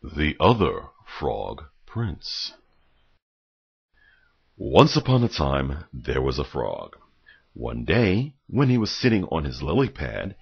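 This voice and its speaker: A man reading a children's storybook aloud, calm and careful. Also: very deep voice, creaky, husky, muffled recording. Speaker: reader.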